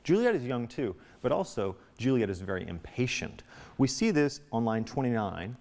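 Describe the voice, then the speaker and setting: A man teaching a recorded literature lesson in a chatty, lively way. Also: normal speed. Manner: reads quotes aloud in a high put-on voice.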